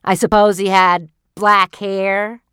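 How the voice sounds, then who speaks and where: A woman's voice: low voice, takes it slowly, bright, forceful tone, smooth, no echo, clean studio sound, heavily acted. A woman voicing a curt, mocking alien husband in a read-aloud story. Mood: scornful. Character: cold scornful alien husband, adult man.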